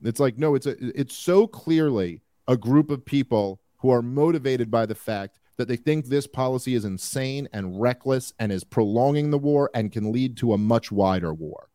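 A man's voice: medium pitch, normal speed, hardly any pauses, no room sound. A man hosting a podcast, talking in loose, rambling bursts, full of fillers and restarts. His voice sits in a middle register, and the sound is dry and close to the mic. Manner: rambling, animated, frequent fillers. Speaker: podcast host. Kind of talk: casual political commentary.

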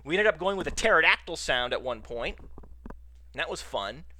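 Bright-voiced man, mock-indignant podcast host. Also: a little high, very animated, moderate pace. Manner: playfully indignant, mock-outraged. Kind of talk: casual solo podcast talk.

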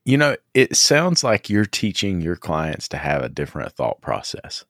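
A man's voice: deep voice, huge pitch swings, normal speed, fairly bright tone, no echo, studio quality. A man hosting a podcast, telling rambling stories in casual conversation and laughing often.

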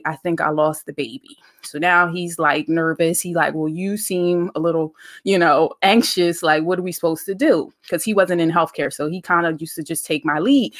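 Low-voiced woman podcaster preaching casually. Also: fairly bright tone. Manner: conversational, preachy, uses slang and dialect grammar. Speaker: podcast host. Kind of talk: casual faith-based podcast monologue.

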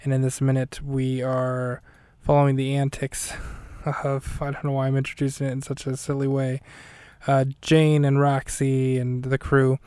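Smooth-voiced man casually recapping a movie. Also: mid-range voice, monotone, moderate pace, a little mellow, dry recording, studio quality. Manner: rambling, self-correcting, light and jokey. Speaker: podcast host recapping a film minute by minute. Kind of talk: casual chat.

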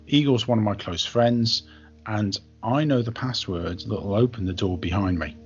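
A man's voice: fairly low pitch, normal speed, slightly rough, dull audio. A man voicing a smug, dismissive man who sits at a table and guards a password. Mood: welcoming.

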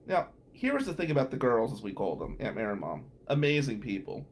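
Animated man telling a story on the radio. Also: medium pitch, brisk. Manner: animated, chatty, full of "like" fillers. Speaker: radio show host. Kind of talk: casual storytelling monologue.

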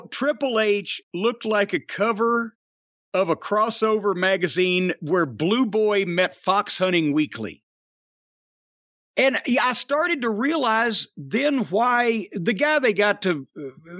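A man's voice: high voice, fairly bright tone, no echo, lo-fi sound. Older male podcast host; raised voice, profane storyteller, opinionated, dry close sound. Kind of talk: casual chat.

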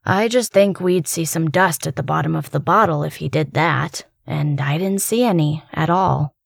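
Low, gravelly male doctor. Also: no echo, clean studio sound, full character voice. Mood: reasoning. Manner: measured, reasoning. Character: calm, puzzled male doctor. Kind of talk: audio drama acting.

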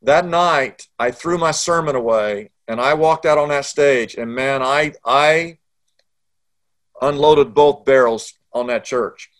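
A man's voice: medium pitch, takes it slowly. A middle-aged man, a pastor telling a story in an interview and acting out the dialogue.

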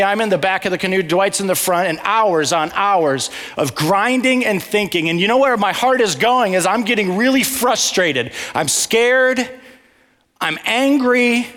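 A man with a fairly high voice preaches in a relaxed, storytelling way. He keeps turning to the audience with questions and dry asides. His voice rings with the long echo of a big hall. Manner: animated, asks the audience questions, wry asides. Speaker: teacher of a Bible study. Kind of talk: conversational sermon with storytelling.

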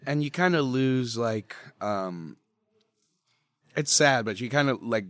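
A relaxed young man chats through a jokey interview in a dry, close-miked recording. He swears freely, laughs often and answers the host with a teasing "yes, ma'am". His pitch sits in an ordinary middle range. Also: takes it slowly, no echo. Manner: laid-back, swears often, laughs a lot; polite with a playful "yes, ma'am". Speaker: interview guest. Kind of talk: casual joking interview chat.

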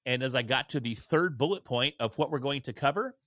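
A man in his forties speaks over a video call as a podcast guest, earnest and energetic, with a self-deprecating streak. His voice is bright and forceful. The sound is dry, with no room echo. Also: mid-range voice, a little fast. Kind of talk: candid conversational storytelling.

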